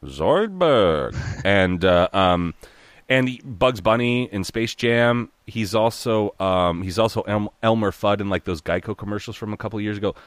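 With a fairly low, lively voice and an unhurried pace, a thirtysomething dungeon master, guest or co-host on a podcast, chats casually, rambling, swearing, restarting and doing impressions, using lots of fillers. There's no room sound.

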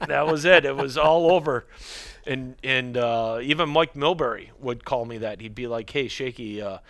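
A man's voice: mid-range voice, moderate pace, fairly bright tone, dry recording, clean studio sound. A middle-aged man, a hockey equipment manager, telling rambling stories as a podcast guest and dropping his voice to quote other people. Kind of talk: casual storytelling chat.

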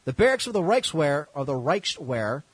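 A man's voice: fairly high pitch, very animated, moderate pace, breathy edge, no echo, poor audio. A man hosting a podcast, telling history as comedy with sarcastic, irreverent asides. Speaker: podcast host.

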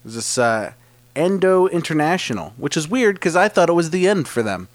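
Animated joking male podcast host. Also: a little high, normal speed. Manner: jokey, rambling, self-deprecating. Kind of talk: casual comedic chat.

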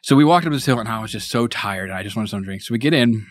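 A man from Indiana, a priest, telling a story in casual conversation in an animated, self-mocking way, laughing often. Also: lowish voice, fast, no echo. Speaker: priest, interview guest.

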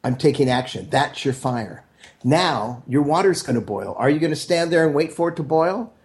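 A man, an author being interviewed, telling a story from his childhood and acting out the dialogue in lively voices. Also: on the high side, normal speed. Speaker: author guest. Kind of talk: anecdotal storytelling.

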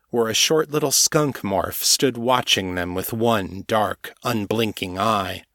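Fiction narrator, male, low voice, measured delivery, dry booth sound. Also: fairly bright tone, dry recording. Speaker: audiobook narrator.

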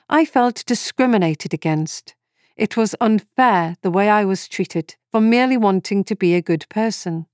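A woman in her forties reading a first-person story in calm, measured scripted narration. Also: medium pitch, no echo, clean studio sound. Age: 40s.

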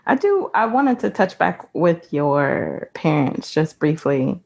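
A woman's voice: deep voice, very animated, slow, creaky, darkish tone, husky. A woman interviewing a guest in a curious, chatty way. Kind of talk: casual interview chat.

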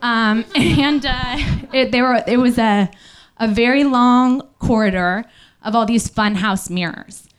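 High-voiced woman telling a candid story. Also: clean tone. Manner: candid, halting, with many fillers. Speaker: storyteller on stage. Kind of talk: personal storytelling at a live show. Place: small live comedy venue.

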